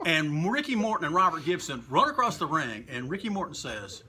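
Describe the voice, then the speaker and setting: A man telling animated, profane stories as an interview guest, acting out what others said. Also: fairly high pitch, a little fast, breathy edge. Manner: animated, profane, acts out quotes in raised voices. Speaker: guest, longtime wrestling fan. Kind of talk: casual storytelling interview.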